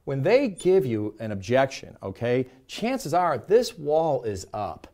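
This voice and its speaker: Animated middle-aged male sales coach. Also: medium pitch, slow. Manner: animated, acts out customer and rep lines. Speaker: sales trainer. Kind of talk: energetic sales coaching talk to camera.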